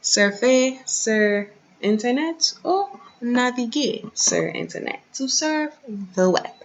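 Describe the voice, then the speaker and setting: A woman teaching a recorded online lesson, repeating each word slowly and carefully for practice, speaking into a computer mic at her desk. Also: on the high side, expressive, a little hiss or hum. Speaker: French teacher. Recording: dull, slightly lo-fi recording.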